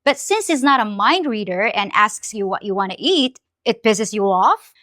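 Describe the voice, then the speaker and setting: A woman's voice: medium pitch, animated, moderate pace, pushed and bright, no room sound. A woman commentator responding with incredulous sarcasm.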